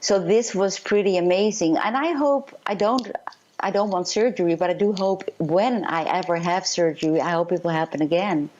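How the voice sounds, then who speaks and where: A woman with a lowish voice tells her experiences earnestly, pausing and restarting with fillers as she goes. The sound is dull and lo-fi, like a remote call. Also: darkish tone, a little hiss or hum. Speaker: psychic medium guest. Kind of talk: interview storytelling.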